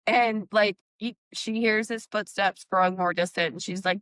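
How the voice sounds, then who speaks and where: A woman's voice: mid-range voice, normal speed, smooth, no room sound. A woman hosting a book discussion podcast, casually recapping chapters and acting out characters' lines with swearing. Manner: animated recapping, acts out quotes, swears. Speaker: book club podcast host.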